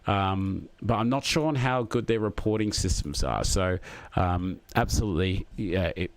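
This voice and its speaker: A man's voice: low voice, moderate pace, no echo. A man chatting casually as he reads out viewer messages, rambling and friendly with lots of fillers. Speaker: streamer reading chat. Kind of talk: casual live chat.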